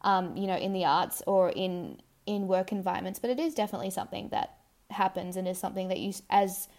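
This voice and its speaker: A woman's voice: mid-range voice, fast, vocal fry, a little mellow. A young Australian woman hosting a podcast, talking thoughtfully and rambling a little with fillers. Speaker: podcast host. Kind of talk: casual podcast chat.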